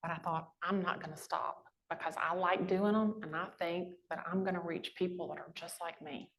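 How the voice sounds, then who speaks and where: A woman, a real estate agent giving a chatty, animated storytelling talk to a live audience. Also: fairly low pitch, moderate pace. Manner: chatty, animated storyteller with lively quoted voices.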